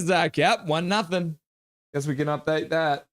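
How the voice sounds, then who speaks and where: A man's voice: on the high side, a little slow, no room sound, studio quality. A young man hosting a live reaction stream, joking with his chat and calling hockey play. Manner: joking, excitable, banters with chat.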